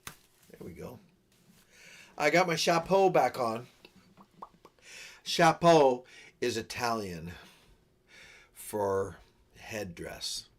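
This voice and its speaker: A man hosting a livestream, chatting casually and rambling with jokes aimed at his viewers. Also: on the high side. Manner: rambling and jokey, talks to the chat. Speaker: livestream host. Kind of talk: casual chat with live viewers.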